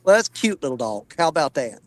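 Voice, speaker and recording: A man, hosting a fishing stream outdoors on a river and chatting in a relaxed, joking way. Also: fairly high pitch, quick pace. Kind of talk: casual chat.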